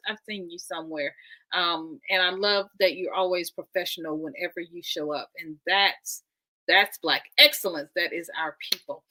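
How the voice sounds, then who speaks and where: An American woman hosts a live stream, chatting warmly with viewers and using lots of fillers. Her voice is mid-range, pushed and bright.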